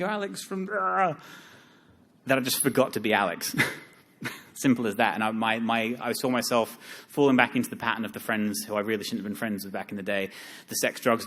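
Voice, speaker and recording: A young man speaking at a live seminar, joking and self-deprecating, with lively asides to the audience. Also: lowish voice.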